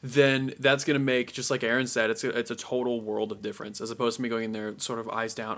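A young man talking casually as a podcast co-host, animated and acting out little scenes in quick voices. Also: mid-range voice. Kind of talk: casual chat.

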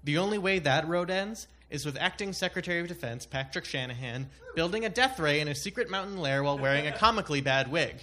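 A man's voice: a little high, expressive, fast talker, hardly any pauses, bright, forceful tone. A man making a comedic argument with a chuckle in his voice. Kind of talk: comedic debate bit. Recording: faint background noise.

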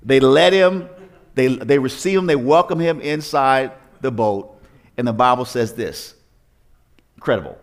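A man's voice: medium pitch, a little slow. A man preaching a sermon as pastor, telling the story in a conversational way with rhetorical questions and frequent restarts.

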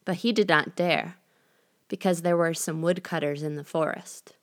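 Woman reading a fairy tale aloud. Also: fairly low pitch. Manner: measured, gently expressive. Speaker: storyteller. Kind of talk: scripted storybook narration.

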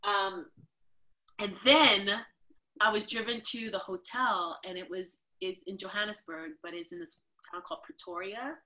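A woman from New York, a dancer and podcast guest, telling lively stories in casual conversation and acting out the people she quotes. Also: normal speed. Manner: animated, acts out quotes with big jumps in pitch. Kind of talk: casual storytelling interview.

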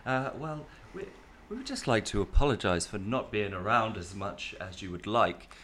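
A man's voice: lowish voice, expressive, normal speed, a bit bright, a little hiss or hum. A man opening a podcast in a laid-back, wry way, swearing casually. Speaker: podcast co-host.

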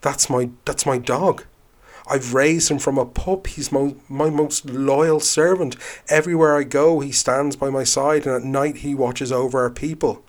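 A man's voice: mid-range voice, fairly even intonation, unhurried, pitched above the performer's own voice, lightly acted. A grief-stricken chieftain from an old legend, his voice rising and breaking as he pleads, played by a man telling the tale. He stumbles over his words in his sorrow. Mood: grieving. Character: grieving grown man, a chieftain who owns a great hound.

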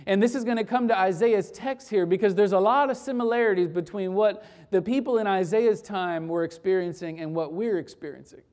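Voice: medium pitch, darkish tone. A pastor leading a closing prayer and telling an anecdote in a conversational sermon, often restarting phrases. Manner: conversational storytelling with frequent restarts.

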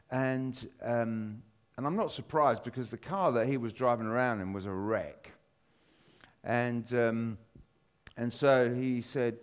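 A British man in his fifties tells a personal story during a church talk. His delivery rambles with frequent fillers and restarts, and his voice lifts with excitement. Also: mid-range voice. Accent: British English. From Britain. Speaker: church speaker.

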